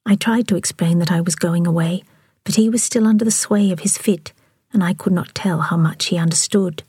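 A woman narrates a novel in a soft, steady whisper. Her voice is very breathy and slightly low. The recording is close and dry. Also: a little fast, no echo. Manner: soft, even whispered reading. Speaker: author and audiobook reader.

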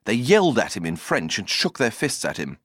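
A man narrating a comic story aloud, expressive and playful, with strong comic timing. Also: fairly low pitch, a little fast, no room sound, studio quality. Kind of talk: storybook reading.

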